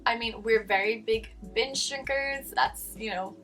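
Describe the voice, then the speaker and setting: A young woman with a Cork Irish accent, talking casually to camera in an animated, chatty way. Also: measured pace, far from the mic, soft background music. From Ireland. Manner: chatty, animated, acts out quoted voices with jumps in pitch. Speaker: vlogger.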